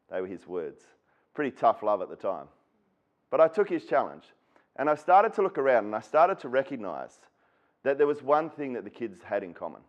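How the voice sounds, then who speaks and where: An Australian man speaks at an education symposium, telling a personal story in an earnest, straightforward way. His voice sits at an ordinary pitch for a man. The recording sounds somewhat dull and lo-fi. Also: big pitch swings, a little fast. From Western Australia. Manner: earnest storyteller who acts out quoted people. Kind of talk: personal storytelling keynote talk.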